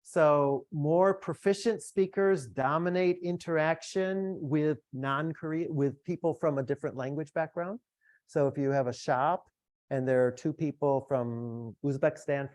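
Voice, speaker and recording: A man's voice: mid-range voice, darkish tone, dry recording. A middle-aged man giving a lecture in a room, talking in a conversational way with asides to the audience. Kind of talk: academic lecture.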